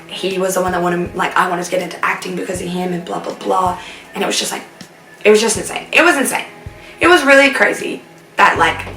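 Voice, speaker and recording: A woman's voice: medium pitch, fairly bright tone. A young Australian woman telling a storytime vlog in a chatty, filler-heavy way, recorded in a roomy space with faint music. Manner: chatty, breathless, lots of fillers. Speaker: vlogger. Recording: roomy sound, distant mic, faint music.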